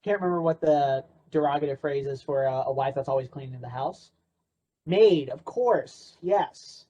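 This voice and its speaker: A man's voice: medium pitch, normal speed, mellow. A man presenting an interactive workshop in a playful, sarcastic way. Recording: dull lo-fi recording.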